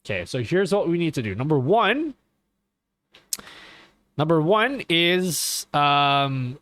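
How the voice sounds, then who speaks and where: A man's voice: on the high side, big pitch swings, takes it slowly, fairly bright tone, no echo. A man chatting casually on a live stream, rambling, swearing and often checking in with his viewers. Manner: rambling and profane, keeps asking okay. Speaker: livestreamer.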